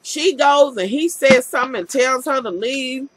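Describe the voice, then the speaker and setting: A woman's voice: sits high, normal speed, fairly bright tone, no room sound, rough recording. A woman vlogger recapping a TV episode in a casual, profane rant, acting out scenes with incredulous commentary.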